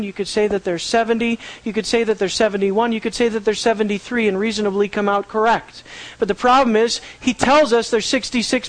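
High-voiced man teaching a sermon. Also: rough recording. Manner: asks the listeners rhetorical questions. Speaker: Bible teacher. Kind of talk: sermon with scripture reading.

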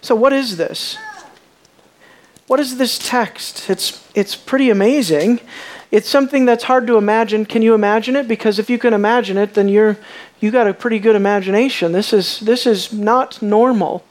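A preacher giving a sermon, asking the listeners questions, repeating words while thinking, and moving between hushed lines and raised, emphatic ones. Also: mid-range voice, moderate pace.

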